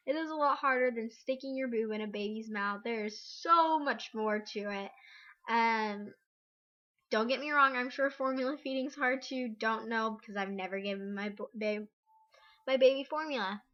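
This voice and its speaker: A woman's voice: a little high, sharp tone, lo-fi sound. A young woman giving her frank opinions on parenting in a casual vlog, chatty, with frequent ums. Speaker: parent vlogger.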